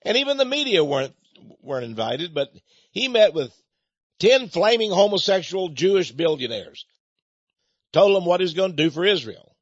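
A man's voice: sits high, sing-song, normal speed, dry recording, muffled recording. A man hosting a ministry broadcast, delivering a rambling, emphatic monologue full of repeated phrases and restarts.

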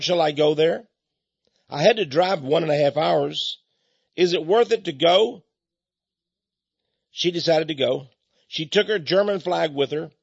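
A man hosting an opinionated news commentary in a sarcastic, exclamatory way, swinging between loud outbursts and hushed asides. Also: on the high side, breathy edge, dry recording. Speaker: commentary host. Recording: dull, dry lo-fi recording.

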